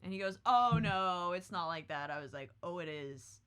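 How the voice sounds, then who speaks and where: A woman's voice: fairly low pitch, expressive, moderate pace, bright, forceful tone, clean tone. A woman hosting a podcast, telling a story in casual chat with a brash, profane, dramatic manner. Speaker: podcast host.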